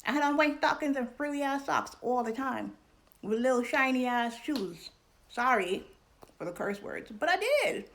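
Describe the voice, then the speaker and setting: Chatty woman with a high voice and frequent laughter. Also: expressive, moderate pace, a bit bright. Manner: candid and chatty, laughs often, uses slang. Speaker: vlog host and scholar. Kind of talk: casual educational talk.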